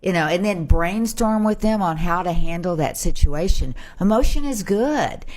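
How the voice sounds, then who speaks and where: A woman's voice: on the low side, lively intonation, normal speed, a little mellow. A middle-aged woman, a brain health expert, giving advice in a casual panel chat and acting out little exchanges.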